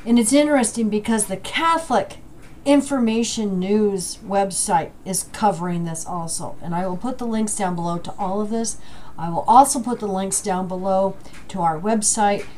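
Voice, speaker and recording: A middle-aged woman vlogging from home, speaking emotionally and haltingly and apologizing as she goes. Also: medium pitch, a little mellow, slight background noise. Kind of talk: emotional commentary vlog. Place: home with a dryer running. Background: a dryer running.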